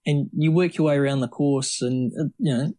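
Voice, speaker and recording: A middle-aged man, a guest on an interview podcast, telling lively, rambling stories with many restarts. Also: on the high side, brisk. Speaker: triathlete guest. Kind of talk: casual storytelling interview.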